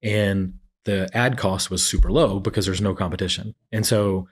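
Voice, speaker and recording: A man's voice: sits low, steady tone, moderate pace, husky. A man in his forties, an entrepreneur telling his story in a casual interview and acting out what others said. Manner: storytelling, acts out quotes of others. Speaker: entrepreneur guest.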